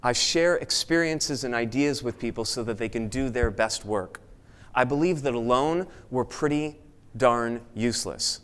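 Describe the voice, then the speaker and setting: A man giving a motivational talk at a networking event, speaking with energy and now and then mimicking excited chatter in a raised voice. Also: medium pitch, moderate pace, clean tone. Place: event room with an audience.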